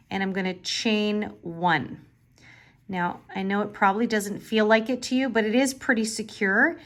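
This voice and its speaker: Patient woman teaching a crochet tutorial. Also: medium pitch. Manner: patient, chatty, checks in with "okay?". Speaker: crochet instructor. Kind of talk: step-by-step craft tutorial.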